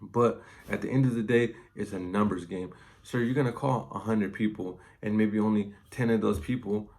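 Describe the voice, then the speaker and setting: A man's voice: fairly low pitch, a little mellow. A salesman talking casually and loosely, full of fillers, as he gives advice on sales. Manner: conversational, loose, heavy on fillers. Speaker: inside salesman.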